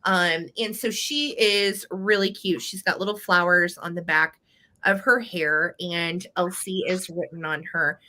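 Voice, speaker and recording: A woman's voice: on the low side, steady tone, a little slow, bright, forceful tone. A woman hosting a live vintage sale, chatty and playful, laughing often as she shows collectibles and runs the bidding.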